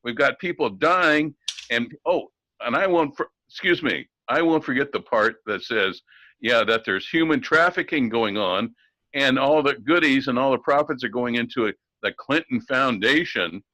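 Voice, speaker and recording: Bright-voiced man ranting sarcastically. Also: mid-range voice, expressive, dry recording, low-quality recording. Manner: indignant, sarcastic, halting with restarts. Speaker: co-host. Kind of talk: ranting talk-radio commentary.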